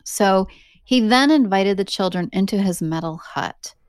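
A woman hosting a podcast, telling an eerie story in a casual, animated way with laughing asides. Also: medium pitch, measured pace, smooth, no room sound, clean studio sound. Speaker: podcast host.

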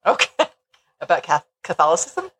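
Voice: mid-range voice, wildly swooping pitch, normal speed, fairly bright tone, husky, poor audio. A podcast host in casual chat who is sarcastic, laughs often and makes wry jokes.

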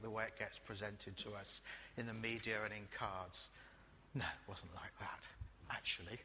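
A man preaching a sermon to a congregation, chatty and lively, with jokey asides and sudden quiet emphasis. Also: on the low side, big-room sound, a little hiss or hum.

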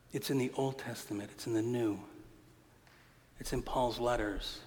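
A man's voice: medium pitch, steady tone, moderate pace, long pauses, a little mellow. A male pastor telling stories from the pulpit, with a conversational tone and punchy, funny emphasis. His voice sits mid-range for a man. A long hall reverb trails each phrase, as it would in a church. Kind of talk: storytelling sermon.

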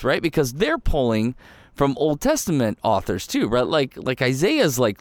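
A man preaching a sermon in a conversational, animated way, often voicing quick asides and quoted reactions. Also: mid-range voice, no room sound. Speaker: pastor.

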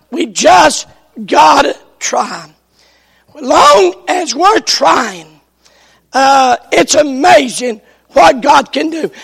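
Gravelly high-voiced preacher with a cough. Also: male voice, in a large hall. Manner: emphatic, repeats his refrain, rises to shouts. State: strained, coughing voice. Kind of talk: sermon. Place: church sanctuary.

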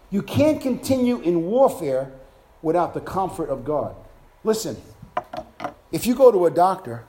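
A man delivering a sermon in a high voice. He drops to a hush for tender passages, then climbs and shouts at the peaks. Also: very animated, a little slow, pauses often. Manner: swings from soft hushed lines to loud shouted climaxes. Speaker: preacher.

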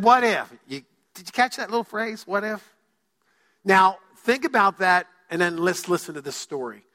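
A male pastor preaching a sermon in a church, joking with the congregation and using dramatic pauses. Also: high-pitched, bright, forceful tone. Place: church sanctuary. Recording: long hall reverb.

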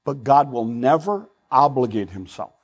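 An older man preaching a sermon as pastor, earnest and pleading, swinging between loud emphasis and hushed asides. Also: mid-range voice, animated, moderate pace, low-quality recording.

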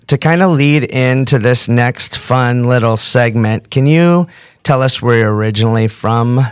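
A man's voice: mid-range voice, measured pace, clear, resonant tone, no room sound, studio quality. A man from the northern United States hosting a podcast, joking with puns and running a quiz game. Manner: jokey, punning, upbeat. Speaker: podcast host. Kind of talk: playful interview and quiz game.

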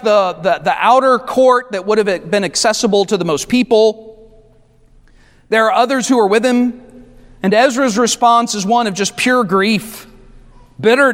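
A man preaching a sermon as pastor, talking conversationally with asides to the congregation and slowing down to stress key words. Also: high-pitched, fairly bright tone. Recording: long reverb of a large hall.

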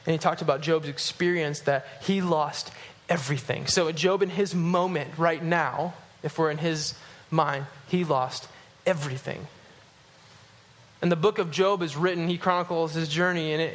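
A man preaching to his congregation, animated and rising at emphatic points, dropping low and quiet when he reads scripture. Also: moderate pace. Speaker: pastor. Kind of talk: sermon.

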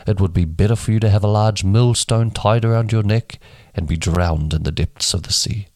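A man's voice: on the low side, darkish tone, no room sound. A man reading scripture aloud for a daily Bible podcast, giving each speaker a different voice for dialogue. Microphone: home microphone that keeps dropping.

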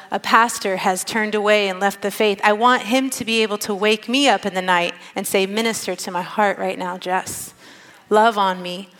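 Female preacher, earnest and conversational, mid-pitched voice, long hall reverb. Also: fairly bright tone. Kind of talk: sermon.

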